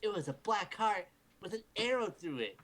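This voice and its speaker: The group reader here is a man with a high-pitched, somewhat bright voice, lively intonation and a moderate pace. He performs fan fiction in an over-the-top dramatic way for laughs, interrupting himself to joke and swear, in a rough home recording for a livestream.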